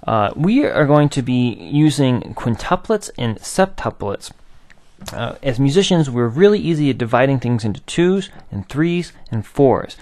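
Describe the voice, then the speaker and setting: A man's voice: mid-range voice, darkish tone, no echo. A man teaching a recorded aural theory lesson, patiently explaining and chanting rhythm syllables.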